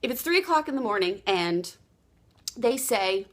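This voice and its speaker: A woman giving a motivational sales training talk, acting out quoted dialogue with lively energy. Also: a little high, moderate pace. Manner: animated, acts out quoted dialogue. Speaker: sales coach.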